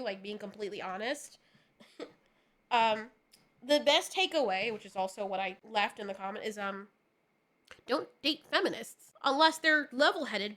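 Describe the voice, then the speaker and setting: A woman's voice: on the high side, sharp tone. A woman hosting a video, chatting candidly and bluntly, rambling and laughing between thoughts. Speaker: video host. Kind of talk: candid casual chat.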